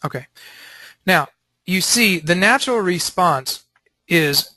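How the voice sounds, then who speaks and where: A man leading a Christian teaching panel, talking in an animated way and acting out quotes. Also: high-pitched, takes it slowly, no echo.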